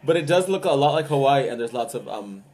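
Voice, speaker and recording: A woman's voice: rumbling low, expressive, fast, crowd noise. A woman hosts a casual live video and talks straight to her viewers. She giggles a lot and overplays her disgust in a friendly, informal way. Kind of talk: casual taste-test chat.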